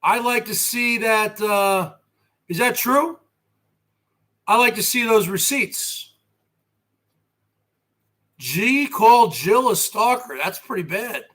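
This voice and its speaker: High bright-voiced guy in his 40s ranting on his stream, swearing, goes quiet then yells. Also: lively intonation, slow pace, pauses often. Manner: brash, boastful, swearing, swings from quiet to shouting. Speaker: host. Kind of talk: livestream rant.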